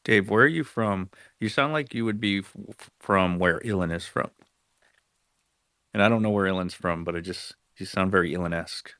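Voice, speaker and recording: A man's voice: sits low, normal speed, fairly bright tone, clean tone, no echo. A man hosting a casual live audio chat, talking in a loose, joking way. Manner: loose, joking bro talk. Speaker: host.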